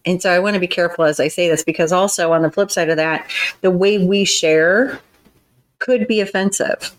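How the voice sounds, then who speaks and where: A woman with a slightly low voice talks through advice in a relaxed podcast conversation. She explains things earnestly and at length, now and then acting out how a line can sound. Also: brisk, low-quality recording. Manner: earnest, explanatory, acts out tones of voice in examples. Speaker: podcast co-host. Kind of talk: casual advice chat.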